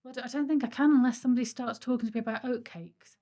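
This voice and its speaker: A woman's voice: on the high side, fairly even intonation, fast, mellow. Chatty woman explaining things on a podcast. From Stoke-on-Trent, England. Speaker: podcast co-host. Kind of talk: casual chat.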